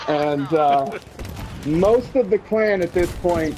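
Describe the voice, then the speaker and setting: A man's voice: on the high side, takes it slowly, warm tone, poor audio. A man who leads a gaming clan, chatting casually in an interview, easygoing and laughing often. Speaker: clan leader.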